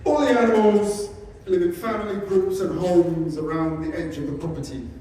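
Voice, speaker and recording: A fairly high-voiced man giving a humorous talk, his wry, self-deprecating stories landing between gentler asides. The sound is distant and boomy, as if caught from the back of a large hall, with a long reverb tail and a faint noise floor. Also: fairly even intonation, normal speed. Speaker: sanctuary founder giving a talk.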